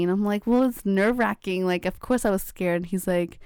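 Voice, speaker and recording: A woman's voice: medium pitch, fast talker, few pauses, darkish tone, smooth, no room sound, clean studio sound. A young woman in college chatting casually, full of fillers and acting out what others said. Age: young adult. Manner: chatty, many fillers, acts out quoted dialogue. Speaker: college student. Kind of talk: casual chat.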